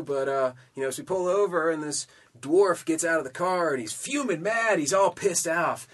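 Husky, lively man spinning rambling jokes. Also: fairly high pitch, fairly quick. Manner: rambling storyteller full of fillers, voices characters. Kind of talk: casual joke-telling chat.

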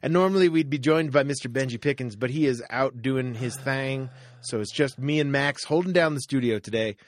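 A man's voice: mid-range voice, a little fast, no echo. Rambling, playful male podcast host. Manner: rambling, playful, restarts sentences, slips into joke accents. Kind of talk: casual studio chat. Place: recording studio. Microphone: studio microphone.

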